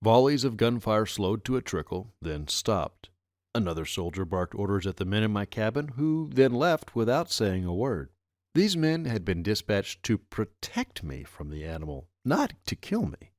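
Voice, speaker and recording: Low-voiced man narrating an audiobook. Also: moderate pace, no echo, studio quality. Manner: expressive storytelling delivery. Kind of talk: first-person audiobook narration.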